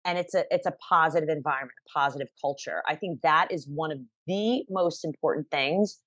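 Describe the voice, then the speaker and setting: A woman fitness instructor as an interview guest, talking in an energetic, emphatic, upbeat way over a remote call. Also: sits low, a little fast, dry recording, dull audio. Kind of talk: conversational interview.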